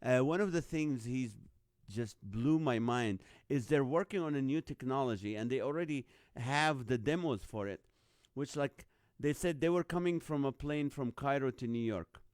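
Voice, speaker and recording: A man's voice: medium pitch, animated, normal speed, darkish tone, no echo, studio quality. A middle-aged man hosting a live online show in casual, rambling chat, greeting viewers by name.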